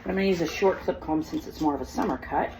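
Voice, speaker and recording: A woman's voice: deep voice, fast talker, creaky, noisy background. A woman who grooms dogs, chatting casually through a grooming vlog and slipping into baby talk with the dog. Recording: clipper buzz behind the voice. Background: electric clippers buzzing.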